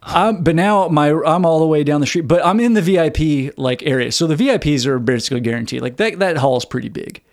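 A man co-hosting a podcast, telling a long story in casual chat, animated and full of "like" fillers. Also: a little high, fast talker, hardly any pauses, no room sound, clean studio sound. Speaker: podcast co-host.

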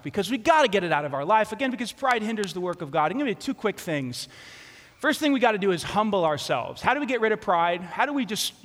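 A man preaching a sermon as pastor, telling a story with lively acted-out quotes. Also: high voice, long reverb tail.

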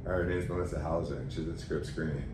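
A man guest on a podcast, candidly telling a personal story in an emotional, animated way and acting out quoted dialogue. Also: rumbling low, a little fast. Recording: roomy echo, faint background noise.

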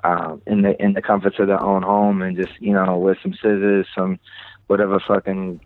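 A man's voice: low voice, flat delivery, normal speed, no echo. Laid-back Boston man on a tinny line. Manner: loose, rambling, swears casually. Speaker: podcast guest, creative director. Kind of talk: casual podcast chat. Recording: tinny phone-like, dry sound.

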